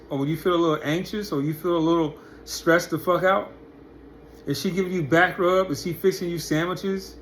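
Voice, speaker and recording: A man delivers a blunt, profane commentary monologue, firing off one rhetorical question after another. His voice sits a little above the usual for a man. A faint hiss of noise runs under the recording. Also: high-pitched. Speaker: commentary channel host.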